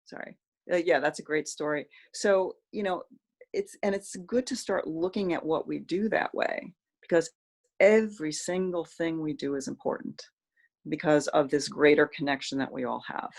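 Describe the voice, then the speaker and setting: Gravelly-voiced spiritual teacher. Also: mid-range voice, moderate pace. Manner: reflective, explanatory.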